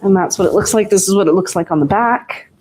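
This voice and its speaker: A woman co-hosting a live sale, describing products in a relaxed, unhurried way. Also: medium pitch, a little hiss or hum. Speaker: co-host showing products. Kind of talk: casual product showcase.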